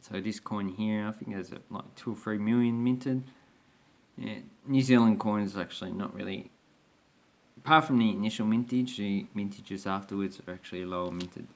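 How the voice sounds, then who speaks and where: A man's voice: on the low side, moderate pace, a little mellow. A man talking casually through his collection on his own channel, rambling and hesitant with many restarts. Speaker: coin collector vlogger. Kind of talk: casual show-and-tell commentary.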